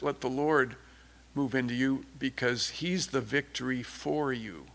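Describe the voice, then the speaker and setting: A man's voice: medium pitch, a bit bright. A man preaching an informal sermon, conversational and rambling with many restarts, turning fervent at times.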